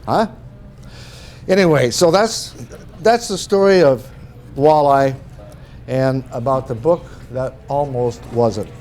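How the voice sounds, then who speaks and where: A man's voice: mid-range voice, slow pace, pauses often, a little mellow, slight background noise. A middle-aged man from northern Minnesota giving a talk as an author, telling humorous anecdotes in a folksy way. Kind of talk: storytelling presentation.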